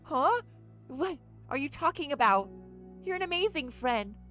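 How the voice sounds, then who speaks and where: A streamer reading out the lines of an upbeat teenage girl who is anxious beneath her cheer, in a bright, rising, pleading voice. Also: high voice, sing-song, a little slow, soft background music, voice pushed up, heavily acted. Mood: concerned. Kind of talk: reading visual novel dialogue aloud.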